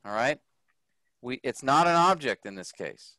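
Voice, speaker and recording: A man teaching a grammar lesson to a group, slow and patient, often checking that the class follows. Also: medium pitch, big pitch swings, bright, forceful tone, no echo. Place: workshop room.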